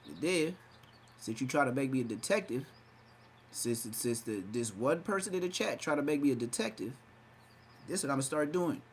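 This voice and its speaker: A man hosting a livestream podcast speaks expressively at medium pitch and a moderate pace, with slight background noise. His commentary is hyped, brash trash talk full of mockery and exaggerated voices.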